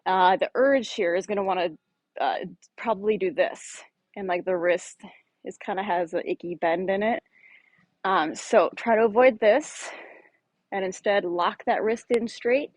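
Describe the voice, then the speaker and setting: A woman's voice: medium pitch, a little slow, dry recording. A woman fitness instructor in her thirties, demonstrating exercises casually with lots of fillers, slightly out of breath. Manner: casual, explanatory, many fillers.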